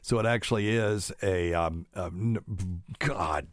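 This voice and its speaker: A man's voice: deep voice, slow pace, noisy background. A man hosting a casual solo podcast, rambling and chatty, stopping to fuss over word usage. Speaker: podcast host, doctor.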